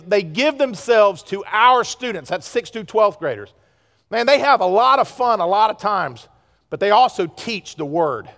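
A pastor preaching a sermon to his congregation, with pleas that swing from loud urgency to hushed earnestness. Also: sits high, big-room sound. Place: church sanctuary.

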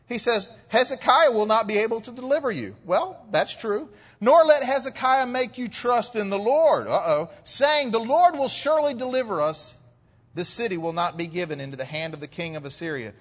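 High-voiced preaching man in a reverberant hall. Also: a bit bright. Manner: rises to emphatic preaching on key points. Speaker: pastor. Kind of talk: expository sermon.

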